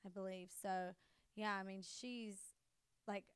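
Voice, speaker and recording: A woman in her thirties with a Southern US accent, a podcast guest chatting in a bubbly, gushing way with quick laughs. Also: mid-range voice, steady tone, clear, resonant tone, dry recording. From American South. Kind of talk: casual interview chat.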